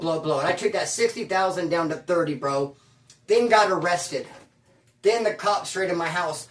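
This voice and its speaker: A man casually telling a long story in slangy, animated speech, acting out what others said. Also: sits high, echoey room, far from the mic. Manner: animated, slangy, acts out quotes. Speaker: guest telling his story.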